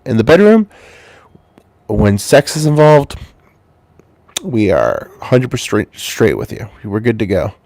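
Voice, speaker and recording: A man's voice: lowish voice, no room sound. Stuffy-voiced man in a crude rambling rant. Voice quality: stuffy-nosed. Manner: loose, swearing, swings between mumbles and loud jumps. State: has a cold, congested. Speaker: channel host. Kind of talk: rambling crude comic monologue.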